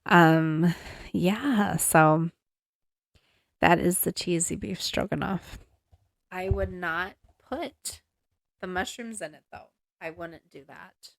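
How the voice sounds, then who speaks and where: With a lowish voice and vocal fry, this young host takes her time reading a home recipe's ingredients and steps on her podcast, chatty and apologetic while fiddling with the handheld mic she moves around. The studio-quality recording has no room sound.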